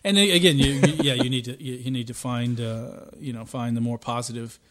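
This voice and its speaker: A man's voice: mid-range voice, fairly even intonation, a little fast, crowd noise. A man in casual chat, laid-back and profane, rambling with frequent restarts.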